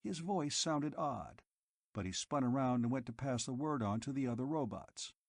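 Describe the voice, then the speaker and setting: Husky-voiced male storyteller. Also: mid-range voice, moderate pace, dry recording, clean studio sound. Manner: expressive storytelling. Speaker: narrator. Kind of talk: scripted audiobook narration.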